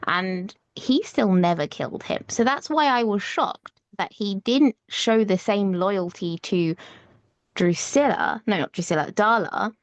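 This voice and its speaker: Woman co-host, relaxed chatty delivery, laughs a lot, dry close recording. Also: mid-range voice, a little slow, dry recording. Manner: chatty, laughs often, trails off and restarts. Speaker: podcast co-host. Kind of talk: casual chat.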